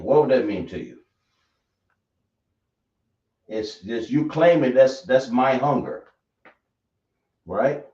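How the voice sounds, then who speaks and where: A man teaching a language lesson, speaking slowly and often checking whether his listeners understand. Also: mid-range voice, a little mellow. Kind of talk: classroom lesson. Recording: echoey room, dull lo-fi sound.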